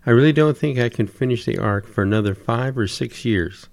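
A man's voice: medium pitch, a little fast, vocal fry, a little mellow, dry recording, lightly acted. A man telling it as a weary, harried old Noah. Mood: pleading. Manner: plaintive, listing complaints at length.

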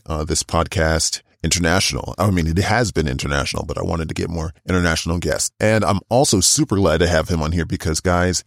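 Gravelly, low-voiced male podcast host. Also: no room sound, studio quality. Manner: chatty and gushing, with many fillers. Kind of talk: podcast intro and interview chat.

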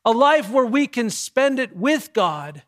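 A man, a pastor with young kids, preaching a sermon with emphatic, measured delivery and dramatic pauses. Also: very high voice, sing-song, fairly bright tone.

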